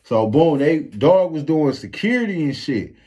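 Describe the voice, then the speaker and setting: A man with a Flint, Michigan accent telling a street story in a casual, animated and profane vlog monologue. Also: fairly high pitch, measured pace. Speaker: storyteller vlogger.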